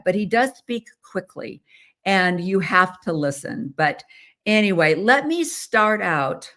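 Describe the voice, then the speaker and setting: A middle-aged American woman talks to her viewers in a loose, rambling way, often pausing on "um" and slipping in small laughs. Her voice sits a little on the low side. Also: a bit bright. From United States. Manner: chatty, rambling, frequent ums and laughs. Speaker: host. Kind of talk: casual monologue.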